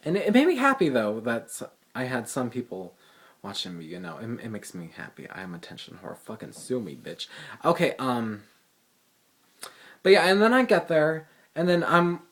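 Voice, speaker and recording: A teenage boy telling a story to his phone camera in a fast, profane, sassy ramble full of fillers. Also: mid-range voice, a bit bright. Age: teens. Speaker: vlogger. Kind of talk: casual storytelling vlog.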